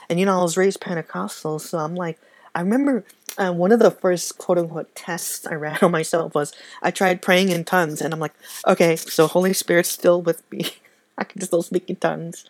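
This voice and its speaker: A woman giving a personal faith testimony in a soft-spoken, halting, reflective way. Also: on the low side, no room sound. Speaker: speaker sharing a faith testimony.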